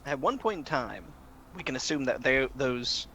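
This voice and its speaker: A man's voice: mid-range voice, sing-song, normal speed, a bit bright, a little hiss or hum. A man playing a tabletop game, chatting casually with dry joking asides. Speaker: player.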